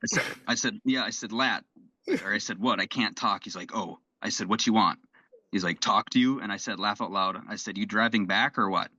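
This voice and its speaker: Low-voiced guy rambling thru a sweary story, dry dull lo-fi mic. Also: fairly quick, sharp tone, dry recording. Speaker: podcast co-host. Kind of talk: casual chat.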